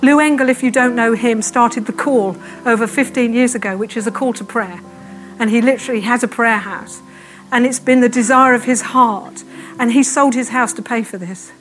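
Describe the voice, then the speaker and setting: A woman preaching a fervent sermon in church, speaking quickly and repeating her calls to prayer. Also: fairly high pitch, steady tone, soft background music.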